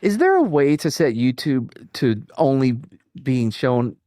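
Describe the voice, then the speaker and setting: A man with a medium-pitched voice hosts a livestream, chatting with friends in an unhurried way while joking around and swearing freely. He's animated and profane, and the recording is dry.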